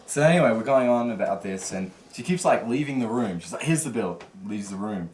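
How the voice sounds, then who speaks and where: A man's voice: lowish voice, brisk. A man casually recounting a travel mishap, acting out what people said. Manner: animated, acts out quotes. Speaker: travel vlogger. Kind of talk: casual storytelling. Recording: echoey with light noise.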